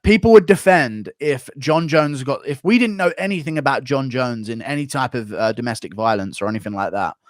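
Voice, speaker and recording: A man's voice: medium pitch, no room sound, studio quality. Profane, ranting American streamer man. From United States. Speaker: streamer host. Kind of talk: livestream commentary, reading donations.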